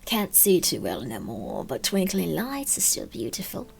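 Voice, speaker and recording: A woman voicing an ancient, decaying old shopkeeper woman with a put-on British accent, speaking low and half-whispered. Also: huge pitch swings, unhurried, gravelly, slight background noise, full character voice. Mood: wistful.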